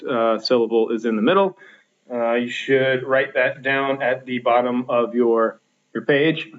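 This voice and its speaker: Slow-counting male teacher, lo-fi sound. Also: medium pitch, a bit bright. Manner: talks through slides with frequent fillers and restarts, counting out stresses slowly. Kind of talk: recorded classroom lesson.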